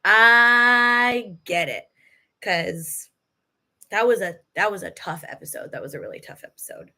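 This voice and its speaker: A woman's voice: lowish voice, expressive, normal speed, fairly bright tone. A woman hosting a live podcast Q&A, chatty and emotional, laughing often as she talks. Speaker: podcast host. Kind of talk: live Q&A chat.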